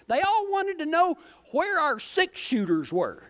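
A preacher from Colorado telling a humorous travel story in a folksy, joking way during a sermon. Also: male voice, extremely high pitch, huge pitch swings, a little slow, fairly bright tone. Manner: folksy, joking, self-teasing.

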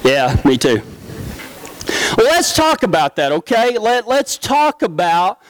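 Middle-aged West Texas preacher, down-home joking delivery, high-pitched voice, dry recording. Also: male voice, very animated, takes it slowly, no room sound, rough recording. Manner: storytelling, down-home, joking with congregation. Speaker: pastor. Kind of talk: folksy sermon.

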